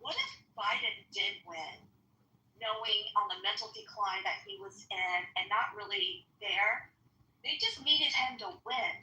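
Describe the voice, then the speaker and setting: A woman's voice: mid-range voice, unhurried, sharp tone, far from the mic. Blunt sarcastic woman, roomy echo. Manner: blunt, sarcastic, swears freely. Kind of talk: casual political chat.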